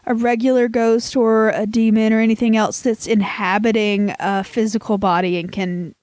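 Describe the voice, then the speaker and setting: A woman's voice: a little high, flat delivery, normal speed, a little mellow, no room sound. A woman with a Southern American accent, co-hosting a podcast in casual, rambling chat and laughing often. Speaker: podcast co-host.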